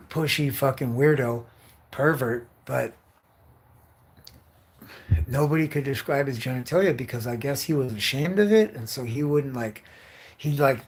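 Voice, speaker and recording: A young man livestreaming from home, rambling on in a loose, profane rant full of fillers. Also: mid-range voice.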